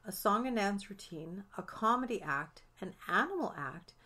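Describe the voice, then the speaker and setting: A woman co-hosting a podcast chats casually, joking along and swearing lightly. Her voice is mid-range and expressive, pushed and bright, delivered at a moderate pace.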